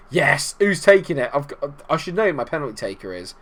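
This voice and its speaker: A young man commentating on his own football management game, swinging from low muttering to shouted celebration. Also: lively intonation, quick pace, hardly any pauses. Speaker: gaming YouTuber. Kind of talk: excitable gameplay commentary.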